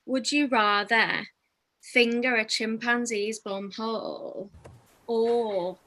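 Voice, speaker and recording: A woman's voice: a little high, steady tone, slow, a bit bright, rough recording. A young woman comedian doing a chatty, self-deprecating stand-up set over a video call, laughing between jokes. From England.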